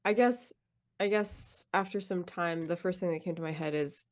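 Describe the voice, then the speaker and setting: A woman playing a tabletop game, talking in a thoughtful, unhurried way. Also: lowish voice, a little mellow. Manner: slow, thoughtful. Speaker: player. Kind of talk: role-playing game chat.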